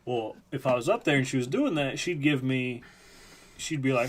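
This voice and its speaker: A man's voice: medium pitch, normal speed. A man hosting a live stream, telling a rambling, profane story in a casual chat. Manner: rambling, profane, lots of fillers.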